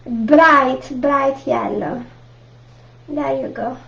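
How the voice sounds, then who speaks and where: A woman's voice: high voice, extremely slow, vocal fry, a little hiss or hum. Italian-accented woman teaching painting live. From Italy. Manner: chatty, warm asides to viewers, frequent laughs. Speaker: art teacher. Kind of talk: live online painting class. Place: home art room. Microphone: camera mic at close range. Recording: dull lo-fi livestream audio.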